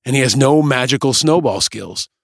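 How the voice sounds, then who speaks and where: A man's voice: mid-range voice, normal speed, gravelly, dry recording, clean studio sound. A man hosting a podcast, delivering scripted, sarcastic and pointed political commentary. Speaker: podcast host.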